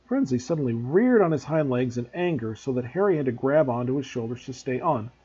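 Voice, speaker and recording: Expressive man reading a story aloud. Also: mid-range voice, brisk, slightly rough, highs cut off. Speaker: teacher. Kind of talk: audiobook reading for students.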